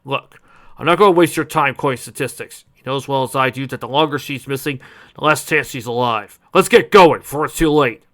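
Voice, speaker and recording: A man voicing a brisk male investigator, speaking urgently and emphatically. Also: mid-range voice, fairly bright tone, lightly acted.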